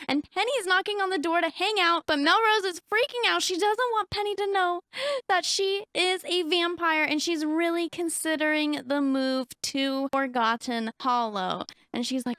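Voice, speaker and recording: Woman, gaming host, excitable commentary, high voice, dry close recording. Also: normal speed, no room sound. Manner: excitable, gasps and narrates dramatically to viewers. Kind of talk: game commentary.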